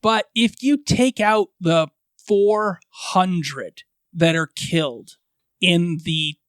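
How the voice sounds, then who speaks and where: A man's voice: high voice, drawn-out words, a bit bright, clear, resonant tone, no room sound, studio quality. A man co-hosting a casual fan podcast, carefully tallying figures and explaining them at length. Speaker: podcast co-host.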